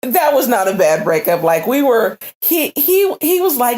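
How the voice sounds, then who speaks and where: A woman's voice: fairly high pitch, moderate pace, few pauses. A woman co-hosting a casual chat, telling a funny story with lots of laughter and acted-out quotes. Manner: animated, laughing, acts out quotes. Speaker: podcast co-host.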